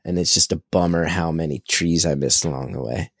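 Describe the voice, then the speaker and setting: Brief: man in his thirties, low voice, excitable casual storyteller, dry close mic. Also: brisk, vocal fry, breathy edge, no echo. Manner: animated, excitable storyteller, swears freely. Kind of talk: casual conversation.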